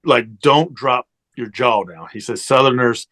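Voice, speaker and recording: A man's voice: mid-range voice, unhurried, pushed and bright. A man from Tennessee with a strong Southern accent, telling stories as a guest in a casual interview, rambling with fillers and restarts. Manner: rambling storyteller, many fillers and restarts, laughs easily. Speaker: actor guest.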